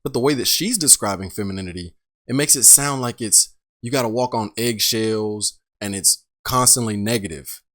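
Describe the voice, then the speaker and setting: A man's voice: on the low side, normal speed, a bit bright. A man hosting a reaction show, giving blunt commentary full of rhetorical questions. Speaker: reaction host. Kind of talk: casual commentary on a clip.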